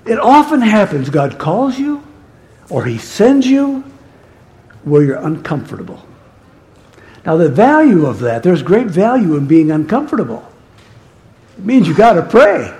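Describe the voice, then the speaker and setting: A man's voice: high-pitched, sing-song, measured pace, long pauses, darkish tone. A male pastor preaching a sermon in a conversational storytelling manner that turns emphatic.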